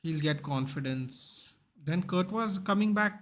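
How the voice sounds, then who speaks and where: A man's voice: a little high, normal speed. Chatty young man streaming a football match. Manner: animated, chatty, reacts to the game and reads chat. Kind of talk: live casual football commentary.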